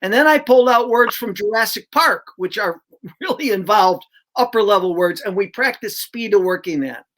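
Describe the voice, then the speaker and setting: A man's voice: high-pitched, lively intonation, moderate pace, a bit bright. An older man speaks as a veteran reading coach, explaining his methods with emphatic conviction. He breaks words into syllables aloud as he talks. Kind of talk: conversational explanation.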